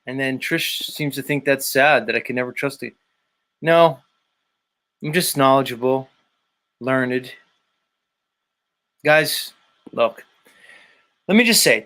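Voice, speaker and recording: This male show host reads viewer comments in a casual live-stream chat, speaking slowly with frequent pauses in a mid-range, pushed, bright voice. He lectures bluntly and emphatically, hammering his points through repetition.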